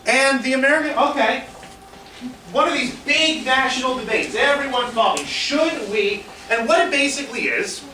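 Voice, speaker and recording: A man teaching history as a lively lecture, telling it like a story and acting out what people said, with fillers along the way. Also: very high voice, moderate pace. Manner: animated storytelling with fillers, acts out quotes. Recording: roomy echo, distant mic, faint hiss.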